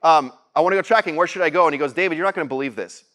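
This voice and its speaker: A man's voice: on the high side, very fast. Rambling, laughing male keynote speaker. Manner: rambling, self-correcting, laughs often; animated when quoting himself. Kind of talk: personal storytelling keynote.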